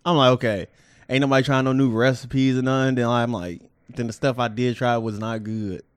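A man's voice: medium pitch, fairly even intonation, moderate pace, clean tone, no room sound. A man co-hosting a casual podcast, blunt and laid-back, trailing off into fillers. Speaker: podcast co-host. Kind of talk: casual chat.

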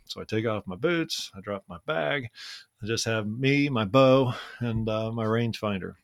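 A man co-hosting a podcast, casually telling a personal story in a relaxed, conversational way, with frequent "man" and "uh" fillers. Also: fairly low pitch, moderate pace, no room sound, clean studio sound. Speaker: podcast co-host.

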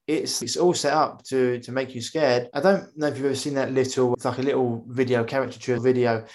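A man hosting a podcast interview, talking in a rambling, animated way and often acting out the voices of people he quotes. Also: medium pitch, a little fast. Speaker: podcast host. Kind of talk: casual conversational interview.

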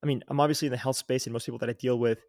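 A man's voice: medium pitch, steady tone, racing, a little mellow, no room sound, studio quality. A young man, a podcast guest and health coach, giving earnest casual advice, with frequent "like" and restarts. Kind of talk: casual instructive interview talk.

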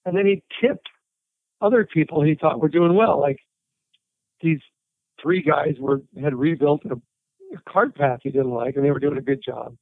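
A man, a writer and interview guest, telling animated anecdotes and quoting people as he goes. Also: a little high, moderate pace, vocal fry, pauses often, no echo. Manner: animated anecdotes with quoted voices and laughter. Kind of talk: storytelling interview. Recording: tinny phone-like line.

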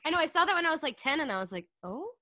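A woman's voice: high voice, sing-song, rapid-fire, over a noisy crowd. A woman who acts, a guest on a podcast, chatting casually in a playful, joking way. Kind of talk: casual chat.

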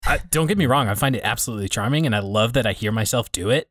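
A man from Montana co-hosts a podcast in casual talk. He restarts his sentences and repeats words as he thinks them through. His voice is mid-pitched and dry. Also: rapid-fire, a bit bright, no echo. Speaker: podcast co-host. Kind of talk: casual chat.

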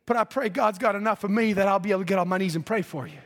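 A man preaching a fervent sermon in a church, his impassioned delivery swelling into shouts. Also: high-pitched, racing. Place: church sanctuary.

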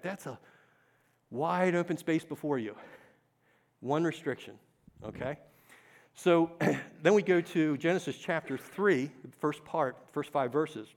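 A man preaching a sermon, earnest, asking the congregation questions and repeating key phrases. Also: medium pitch.

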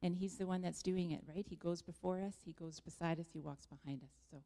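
A woman gives a reflective, encouraging testimony to a church group. Her voice is low and gravelly with a dark, mellow tone. The long reverb of a large hall hangs around her words. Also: steady tone, fast talker.

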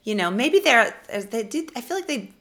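Lively, playful young woman. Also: fairly high pitch, moderate pace. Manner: playful, jokey, swears casually. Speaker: podcast co-host. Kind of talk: casual chat.

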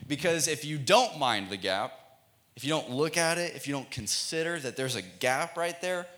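Energetic young pastor. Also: male voice, on the high side, moderate pace. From United States. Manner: energetic, playful, calls for audience responses. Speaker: student pastor. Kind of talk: youth sermon. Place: church.

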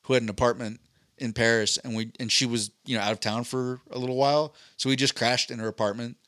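A man of ordinary pitch, neither high nor low, spins a meandering story on a podcast, loose and casual with the odd curse word. His voice comes across close and dry, with no room around it. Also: steady tone, fast talker, fairly bright tone, dry recording. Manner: rambling anecdotal storytelling with profanity. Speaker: podcast co-host. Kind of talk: casual chat.

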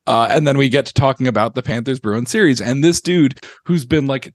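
A man's voice: on the high side, dry recording. Young male co-host, rambling storyteller with lots of laughs, dry close sound. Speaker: podcast co-host. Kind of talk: casual hockey chat.

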